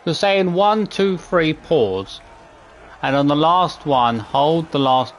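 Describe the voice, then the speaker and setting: Exasperated male gamer with lively pitch. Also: slow pace, slight background noise. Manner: exasperated, swears, counts button presses aloud. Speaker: streamer playing a video game. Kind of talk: live gameplay commentary.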